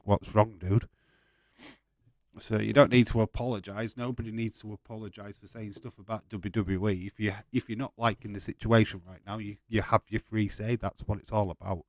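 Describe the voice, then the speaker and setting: A man's voice: fairly low pitch, no room sound. A man hosting a live watch-along stream, chatting casually, swearing freely and laughing while he reads viewer comments.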